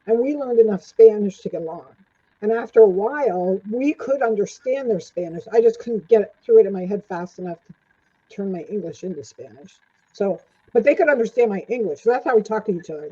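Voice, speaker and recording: An older woman tells her stories as an interview guest, chatty and quick to laugh. Her voice is mellow and a little husky. The recording sounds dull and lo-fi. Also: mid-range voice. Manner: chatty, laughs often, acts out quoted lines. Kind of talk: storytelling in a casual interview.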